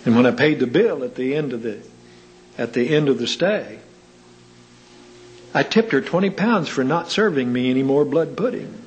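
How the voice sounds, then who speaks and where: A man's voice: animated, moderate pace, pauses often, dull audio, a little hiss or hum. A man preaching a sermon, asking rhetorical questions and telling anecdotes with dry humor. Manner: rhetorical questions with wide pitch swings.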